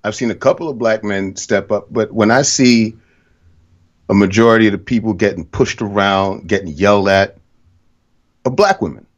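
A man's voice: lowish voice, moderate pace, lo-fi sound. A man hosting a podcast, talking bluntly and profanely in casual conversation. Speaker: podcast host.

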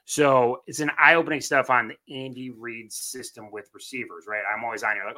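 A man talks football on a casual podcast, rambling and restarting as he works through stats. His tone is bright and forward, and he keeps clearing a phlegmy throat. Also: medium pitch, fairly even intonation, a little fast. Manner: rambling, restarts and fillers, stat-heavy. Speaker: co-host, Chiefs fan. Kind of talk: casual sports podcast chat.

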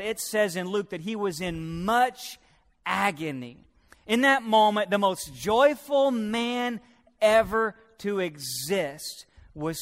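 High-voiced pastor preaching hard then going quiet, big church reverb. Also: male voice. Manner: impassioned, swings from loud preaching to hushed, calls on the congregation to repeat. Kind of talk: sermon. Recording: long reverb of a large hall.

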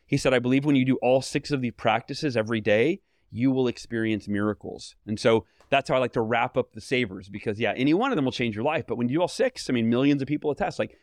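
A man guest on a podcast interview, telling lively stories with many fillers and restarts. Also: mid-range voice, fast talker, hardly any pauses, no room sound. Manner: animated storytelling, fillers and restarts. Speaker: guest author.

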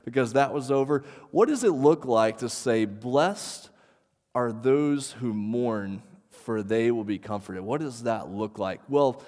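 A man's voice: medium pitch, a little mellow. A man in his thirties preaching a sermon as pastor, conversational and self-deprecating, with frequent fillers. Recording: reverberant hall.

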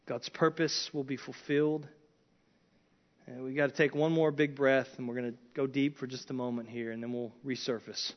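A man's voice: mid-range voice, flat delivery, moderate pace. A man preaching an expository sermon, earnest, with frequent restarts and rising emphasis on key points. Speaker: pastor. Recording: dull lo-fi sound.

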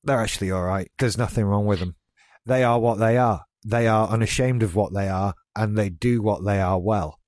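A man's voice: on the low side, normal speed, darkish tone, no room sound, studio quality. A British man co-hosting a podcast, chatting casually and with strong opinions about a TV episode. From Britain. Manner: chatty and opinionated, with frequent asides. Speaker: podcast co-host. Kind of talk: casual chat reviewing a TV episode.

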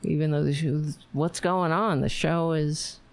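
A woman's voice: sits low, fairly even intonation, unhurried. A tired woman hosting a casual livestream, chatting in a playful, rambling way. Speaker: livestream host.

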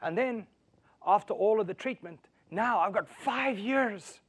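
High-voiced preacher swinging loud to hushed. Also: male voice, unhurried, husky. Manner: asks the audience rhetorical questions. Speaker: pastor. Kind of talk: sermon.

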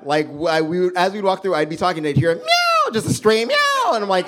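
Animated young man doing stand-up. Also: high voice, fast, hardly any pauses, slight background noise. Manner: animated, swings between loud punchlines and muttered asides. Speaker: stand-up comedian. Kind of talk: stand-up storytelling. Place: comedy club stage.

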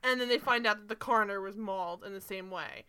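A woman co-hosting a casual show recap, animated and sarcastic, swearing and laughing often. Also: mid-range voice, quick pace, clear, resonant tone. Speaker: podcast co-host.

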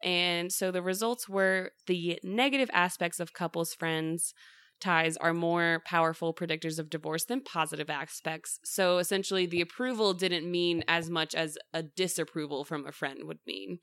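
A woman's voice: fairly low pitch, fairly even intonation, moderate pace, a bit bright, clean tone, no room sound, studio quality. A woman hosting a casual chat about a study, talking in a chatty way with many fillers.

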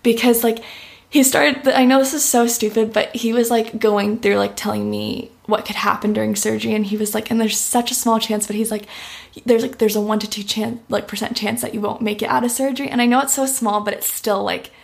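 A woman's voice: fairly high pitch, level tone, brisk, vocal fry. A young woman giving a heartfelt personal testimony in an interview, with lots of "like" fillers. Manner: heartfelt, uses "like" often. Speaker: interview guest.

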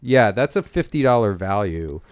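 A man co-hosting a comedy podcast, deadpan and dry, now and then breaking into shouted mock rants. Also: fairly low pitch, normal speed, smooth, dry recording.

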